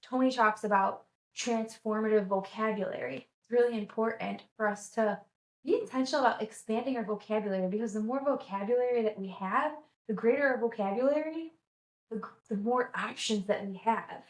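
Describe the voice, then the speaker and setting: A woman's voice: a little high, a little fast, reverberant, low-quality recording. A woman vlogging in a casual, enthusiastic, chatty way, full of "like"s and restarts. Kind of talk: casual chat.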